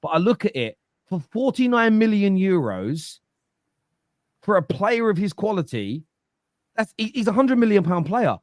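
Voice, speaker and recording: A man's voice: sits high, very animated, normal speed, dry recording, studio quality. A man giving football opinions on a fan show, emphatic and lecturing, often repeating himself. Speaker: football pundit. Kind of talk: animated football opinion talk.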